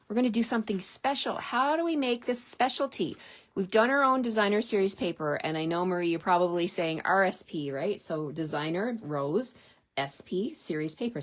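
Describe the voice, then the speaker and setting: A woman giving a casual, chatty card-stamping tutorial, talking to her viewers as she works. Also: fairly low pitch. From Canada. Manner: chatty and giggly, talks to viewers while working. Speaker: stamping demonstrator.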